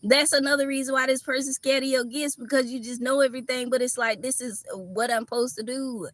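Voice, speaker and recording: Brief: Southern woman tarot reader, Kentucky-Florida accent, slightly high voice, loose and profane, laughs a lot. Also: steady tone, brisk, few pauses, fairly bright tone, no room sound. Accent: Southern US, Kentucky mixed with Florida. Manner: chatty, laughs often, swears freely. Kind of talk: casual tarot reading livestream.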